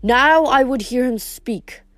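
Woman reader voicing a calm, measured, aloof male sea god in an audiobook. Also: high voice, no room sound, soft background music.

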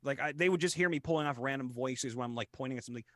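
A man in his thirties, a voice actor guest in a casual podcast chat, animated and quick to jump into loud silly voices. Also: mid-range voice, dry recording, studio quality. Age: 30s.

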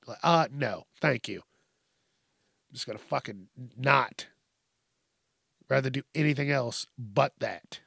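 A man's voice: medium pitch, a little slow, vocal fry, pauses often, a bit bright, husky, no room sound, studio quality. A man hosting his own podcast, ranting in a blunt, profane, rambling way. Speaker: podcast host. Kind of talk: casual monologue.

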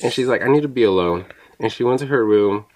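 A young man from New Mexico, co-hosting a podcast and telling a personal story in a relaxed, chatty way, slipping into Spanish now and then. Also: lowish voice, fast. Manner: relaxed, slips into Spanish, laughs often. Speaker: podcast co-host. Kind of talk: casual chat, personal storytelling.

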